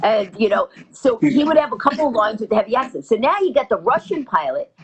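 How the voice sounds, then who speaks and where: A woman telling a comic story as an interview guest, fast and lively with punchy delivery. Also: a little high, breathy edge, dull audio. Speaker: guest comedian.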